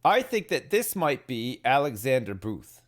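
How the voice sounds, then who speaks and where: A man's voice: sing-song, a little slow. A man streaming a game, muttering and puzzling things out aloud as he plays. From Britain. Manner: muttering, puzzling things out, wildly swinging pitch. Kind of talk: thinking aloud while playing a game. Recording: faint game music behind. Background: faint game music.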